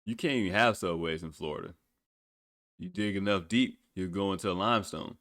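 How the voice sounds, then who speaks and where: A man's voice: sits low, moderate pace, fairly bright tone, no room sound, clean studio sound. A young man hosting a solo political podcast, sarcastic and profane, often breaking into laughter. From United States. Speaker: podcast host.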